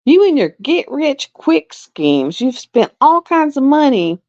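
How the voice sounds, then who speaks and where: Blunt, chatty high-voiced woman. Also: very animated, slow, mellow. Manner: chatty, blunt, drawling, repeats herself; slips into a higher voice when quoting herself. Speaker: live stream host. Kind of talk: casual chat. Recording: dry, dull lo-fi sound.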